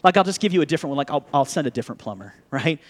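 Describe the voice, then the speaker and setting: A man in his thirties, a pastor, giving a conversational sermon with lively asides and jokes to the congregation. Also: on the high side, rapid-fire.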